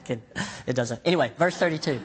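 A young male pastor delivering a sermon in an animated storytelling way. He slips into acted-out voices for the people in his stories and pokes fun at himself between Bible verses. His voice sits in an ordinary middle pitch. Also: fast. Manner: animated storytelling, acts out voices in quotes, self-mocking jokes.

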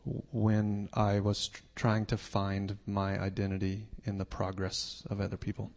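A man moderating a church panel, reflective and measured. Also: on the low side, completely flat delivery, a little mellow.

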